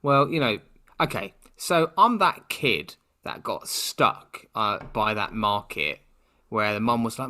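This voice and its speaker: A man's voice: lowish voice, expressive, measured pace, bright, forceful tone. A man with a British accent co-hosting a podcast, chatting casually in a rambling, playfully sarcastic way. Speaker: podcast co-host. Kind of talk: casual chat.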